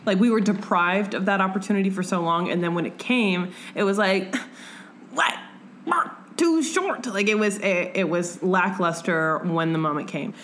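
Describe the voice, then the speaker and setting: A woman's voice: normal speed, hardly any pauses. A young woman hosting a podcast, chatting casually about a book and acting out its characters with big jumps in her voice. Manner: animated, acts out characters with big pitch jumps. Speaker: podcast host. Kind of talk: casual book-club chat. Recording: faint background noise.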